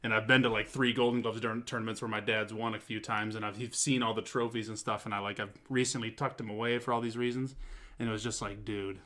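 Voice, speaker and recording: A man co-hosting a casual talk show, telling a story in an excitable, animated way and swearing often. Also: lowish voice, fast. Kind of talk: casual chat.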